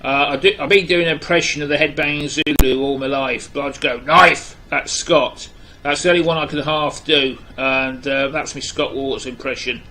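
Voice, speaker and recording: Blunt, opinionated Englishman with a bright voice. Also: medium pitch, steady tone, brisk, slight background noise, rough recording. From England. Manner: blunt, opinionated, rambling with many fillers. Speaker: music vlogger. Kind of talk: casual video chat to camera.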